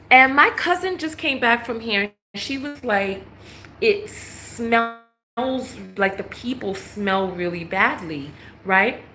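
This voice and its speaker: A woman from New York telling a travel story in a casual vlog, animated, laughing often and acting out dialogue. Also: sits high, roomy sound, slight background noise. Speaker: travel vlogger.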